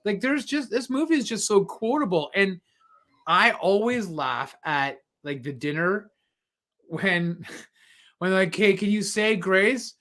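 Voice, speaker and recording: Man, 40s, from Canada, podcast co-host; high, bright voice, animated retelling. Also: takes it slowly. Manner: animated, laughing while retelling scenes. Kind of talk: casual chat.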